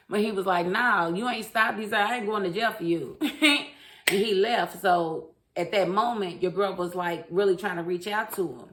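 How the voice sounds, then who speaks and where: Animated woman giving an opinionated recap. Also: mid-range voice. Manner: animated, opinionated storytelling with acted-out quotes. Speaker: show recap reviewer. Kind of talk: casual spoiler recap.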